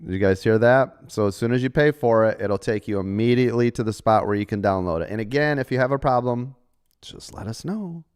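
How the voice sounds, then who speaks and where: Smooth-voiced middle-aged male trading coach. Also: lowish voice, fast talker, few pauses, darkish tone. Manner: chatty, salesy, jokey with frequent rhetorical "right?". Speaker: trading coach hosting a live stream. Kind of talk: casual live-stream talk to members.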